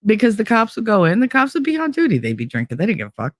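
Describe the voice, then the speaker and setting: A middle-aged woman from Hoboken, telling personal stories in a blunt, profane, animated way as a podcast host. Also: mid-range voice, rapid-fire, no echo, clean studio sound. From Hoboken, New Jersey. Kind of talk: casual storytelling.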